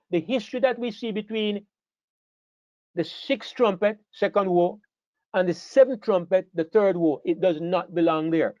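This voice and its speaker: A man with a fairly high voice leads a Bible study class, pressing his points by repeating key words and stopping to ask whether the room follows him. The recording is dull and lo-fi, with a dry sound close to the voice. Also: a little mellow, no room sound.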